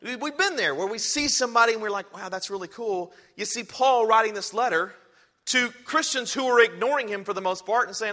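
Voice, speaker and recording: A man's voice: high-pitched, fairly quick, sharp tone, in a large hall. A man preaching a sermon to a large church congregation, moving from conversational talk into emphatic exhortation. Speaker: pastor.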